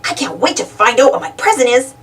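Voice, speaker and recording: Donald, an excitable cartoon duck, read by a woman. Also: sits high, fast, distant mic. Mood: excited. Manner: excitable, exclaiming. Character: Donald, an eager greedy male cartoon duck.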